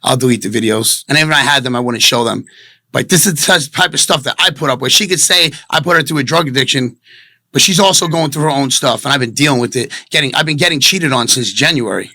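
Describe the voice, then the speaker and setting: A man's voice: mid-range voice, quick pace, bright, forceful tone, dry recording. A man giving an emotional, defensive interview about his breakup, rambling and earnest.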